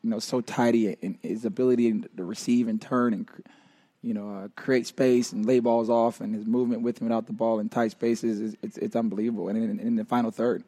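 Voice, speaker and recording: Relaxed mellow-voiced male guest. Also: lowish voice, fairly quick, no room sound. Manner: relaxed, with many fillers and restarts. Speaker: guest, retired player and youth coach. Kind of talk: casual interview chat.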